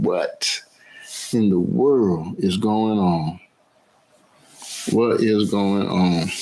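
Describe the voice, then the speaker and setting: A man hosts a live stream for his cooking channel in a loose, conversational way. He talks slowly, greets viewers by name and circles back to the same phrases again and again. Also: lowish voice, a little mellow, rough recording. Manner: repeats phrases over and over.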